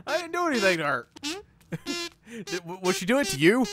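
Excitable high-voiced young man gaming. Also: fairly quick. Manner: excitable, yelping and laughing often. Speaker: gaming channel host. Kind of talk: let's play commentary.

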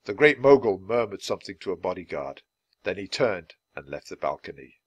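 Male storybook reader, clear and animated. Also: deep voice, a little fast, no room sound. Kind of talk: reading a children's book aloud.

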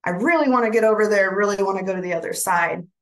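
A woman's voice: mid-range voice, quick pace, natural voice. A woman telling it as an eager little rabbit in a folk tale. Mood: wistful.

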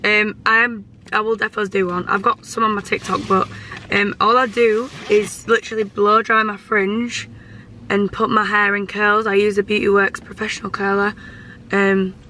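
A woman's voice: mid-range voice, little pitch movement, moderate pace, pushed and bright, a little hiss or hum. A young woman vlogging casually to camera, chatty, blunt and sweary, laughing easily. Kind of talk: casual vlog chat to camera.

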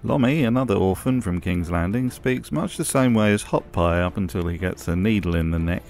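A man's voice: deep voice, fairly quick, darkish tone, faint music behind. A man narrating a scripted commentary with dry, sarcastic humor. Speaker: video essay host.

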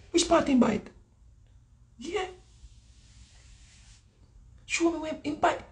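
A man's voice: extremely high pitch, slow, long pauses. A man with a Jamaican accent telling stories in casual chat. He repeats himself and acts out the people he quotes. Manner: animated, repetitive, acts out quotes. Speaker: guest speaker.

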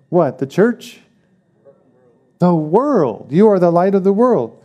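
A man's voice: on the high side, lively intonation, takes it slowly, long pauses, mellow. A man preaching a sermon as pastor, emphatic, repeating key phrases and asking the congregation questions.

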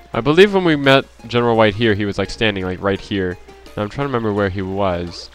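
A man's voice: on the low side, fast talker, hardly any pauses, faint music behind. A man giving casual, rambling, self-deprecating commentary while playing a video game and reading characters' lines aloud. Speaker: let's play host.

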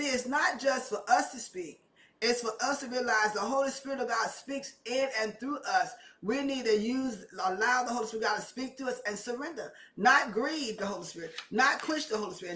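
In an echoey room, recorded from a distant mic, a woman with a fairly high, slightly bright voice preaches a sermon. Her delivery is impassioned and repetitive, rising as she presses her points.

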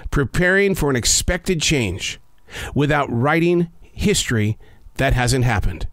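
Lively, dry-voiced man musing slowly. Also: a little high, no echo. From North Carolina. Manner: slow, measured, emphatic delivery with dramatic pauses. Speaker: podcast host. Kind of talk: reflective spoken essay. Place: home studio.

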